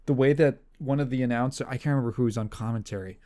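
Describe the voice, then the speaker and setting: A man's voice: mid-range voice, fast, mellow. A young man hosting a podcast, telling rambling stories in casual chat, laughing often and mimicking people. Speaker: podcast host.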